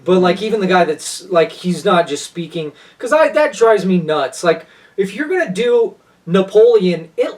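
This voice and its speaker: A man talking in a fairly high voice, enthusiastic and gushing as he rambles through his thoughts with frequent restarts. He sits a little back from the microphone, so the sound is slightly distant. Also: very animated, moderate pace. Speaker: podcast co-host. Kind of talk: casual chat.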